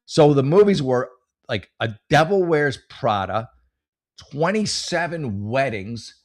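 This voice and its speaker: Speaking slowly and with animation, a middle-aged man hosts a comedy podcast at medium pitch. His casual monologue wanders through stories, heavy on profanity and constant restarts.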